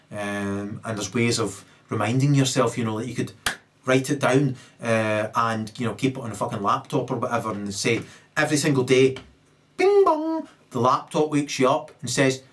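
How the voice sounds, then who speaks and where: A man's voice: mid-range voice, a bit bright. Profane man ranting. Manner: profane, emphatic, halting with restarts. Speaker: comedic commentator.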